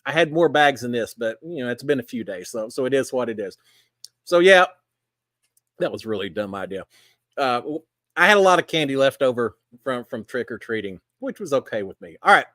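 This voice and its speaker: A man's voice: medium pitch, very animated, brisk, a bit bright, dry recording, clean studio sound. A middle-aged man with a Texan accent, hosting a casual livestream and chatting folksily with viewers. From Texas. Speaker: livestream host.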